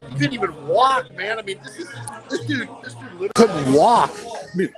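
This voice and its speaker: A man's voice: high voice, very animated, a little fast, music in the background, poor audio. A man live streaming from an outdoor city street, rambling and repeating himself, mocking and swearing as he talks.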